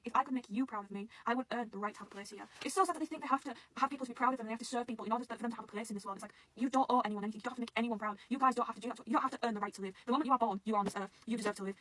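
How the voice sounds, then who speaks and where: A woman chatting casually in a reaction video, rambling, emotional and gushing, with frequent swearing. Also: a little high. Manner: excitable, rambling, swears often. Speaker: manga reaction vlogger.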